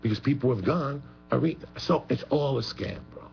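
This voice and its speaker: A man's voice: medium pitch, a little fast, gravelly, a little mellow, faint music behind. A man talking as a guest on a radio show, rambling, profane and emphatic. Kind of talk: heated profane talk radio chat. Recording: muffled radio broadcast with faint hum.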